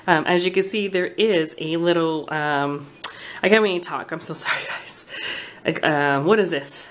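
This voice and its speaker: A woman with a low voice chats about an unboxing at a moderate pace. She's a vlogger sitting at her kitchen table at home, sounding gushing and a bit flustered.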